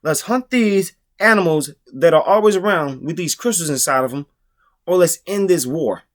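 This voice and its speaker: A man's voice: on the high side, moderate pace. A man giving a casual, profane rant in his own book review, exasperated and mocking.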